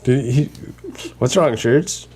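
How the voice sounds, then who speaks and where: A man's voice: medium pitch, takes it slowly, darkish tone, breathy edge. A man hosting a casual podcast chat, rambling along with lots of fillers and restarts. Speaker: podcast host.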